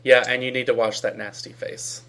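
A man with a gravelly, creaky voice at an average pitch, chatting casually as a podcast co-host. He keeps his replies short and laid-back and laughs easily. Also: flat delivery, moderate pace, pushed and bright. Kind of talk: casual chat.

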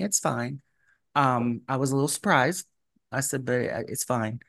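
A man's voice: mid-range voice, moderate pace, gravelly, dry recording. A man telling a long anecdote in easy, casual chat, with his voice jumping up when he acts out what others said. The recording is dry and close, with no room sound. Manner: animated, acts out quoted voices. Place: residence in a gated community.

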